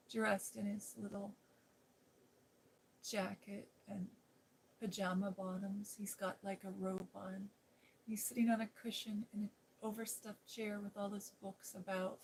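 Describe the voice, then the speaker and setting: A woman host reading a classic novel aloud in a gentle, soothing ASMR style, with whispered asides. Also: medium pitch, flat delivery, measured pace, vocal fry, slight background noise, low-quality recording. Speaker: storybook reader and ASMR host. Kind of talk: softly spoken ASMR story reading.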